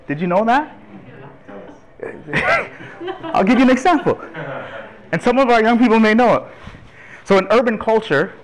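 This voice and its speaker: Lively man from Toronto preaching. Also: sits high, low-quality recording. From Toronto, Canada. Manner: lively, chatty, laughs with the audience. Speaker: guest speaker on urban ministry. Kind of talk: church talk to a congregation.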